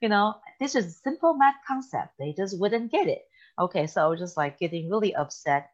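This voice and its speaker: A woman's voice: medium pitch, a little fast, dull audio. A middle-aged woman hosting a casual faith talk, telling stories with lots of laughter. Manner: animated storytelling, laughs often.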